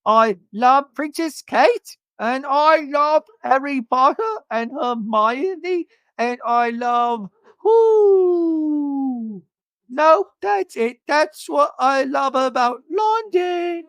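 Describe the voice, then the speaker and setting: Bit: woman playing a ditzy woman botching a posh British voice, high and drawn out. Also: animated, drawn-out words, no echo, heavily acted. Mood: goofy.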